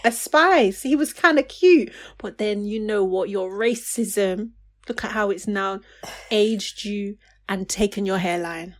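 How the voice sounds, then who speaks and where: Animated sarcastic woman. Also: mid-range voice, measured pace. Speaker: podcast co-host. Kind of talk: casual chat.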